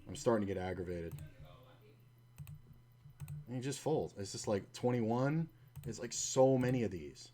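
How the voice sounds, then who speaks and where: A man's voice: medium pitch, animated, moderate pace, long pauses, warm tone, slight background noise. A man commenting on his own online poker play, swearing often and telling stories in a frustrated, ranting way. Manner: long anecdote with acted-out quotes.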